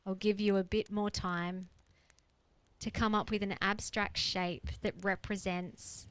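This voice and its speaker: A woman's voice: medium pitch, clear, resonant tone, poor audio. A woman coach leading a guided exercise on a group coaching call, earnest and explanatory, repeating her key points. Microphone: video call.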